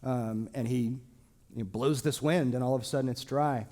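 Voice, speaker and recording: A man teaching a small church Bible class in a casual, joking way, with lively asides to his listeners. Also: medium pitch, moderate pace. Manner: lively, joking, acts out quoted speech.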